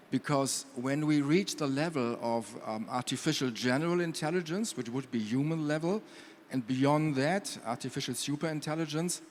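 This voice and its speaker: Measured male panelist with hall reverb. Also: mid-range voice. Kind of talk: panel discussion. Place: conference hall. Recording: long hall reverb, faint room noise.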